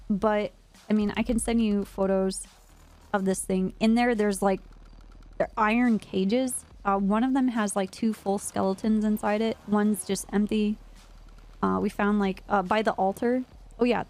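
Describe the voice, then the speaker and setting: A woman streaming a roleplay game, telling a story in character in a casual way, full of "like" and swearing. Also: mid-range voice. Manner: animated, lots of "like", frequent swearing.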